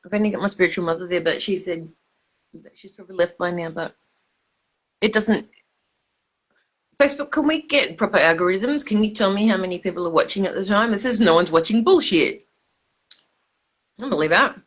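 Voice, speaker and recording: A woman's voice: mid-range voice, a little fast, long pauses, highs cut off. Drunk woman rambling on a livestream. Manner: emphatic, swearing, stumbling repetitions.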